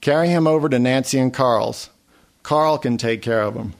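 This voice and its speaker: A man reading aloud, voicing a brisk, firm mother busy fixing supper. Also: mid-range voice, gravelly, natural voice.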